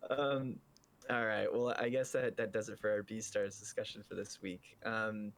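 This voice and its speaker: A man's voice: lowish voice, flat delivery, moderate pace. A man hosting a podcast in casual chat, hedging and restarting his sentences. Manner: hesitant, hedging, repeats himself. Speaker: podcast host.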